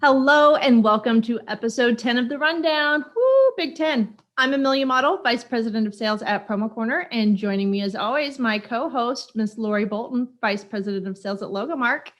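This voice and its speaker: A woman's voice: on the high side, brisk, few pauses, a bit bright. Upbeat chatty woman hosting a podcast. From Kansas City, USA. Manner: upbeat, chatty, laughs easily. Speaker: podcast host. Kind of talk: casual chat.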